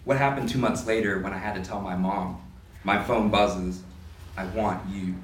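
A man reads a story aloud at a literary event, giving it lively first-person energy. The sound is roomy and a little distant, with faint room ambience behind him. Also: fairly low pitch, normal speed, background noise. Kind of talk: reading prose fiction aloud. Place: live reading event indoors.

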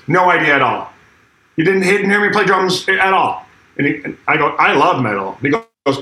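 His voice is a little high, bright and forceful, with lively intonation at normal speed. He is a middle-aged drummer guesting in an interview, casually recounting a story, acting out quotes and swearing freely, in an echoey room with faint noise.

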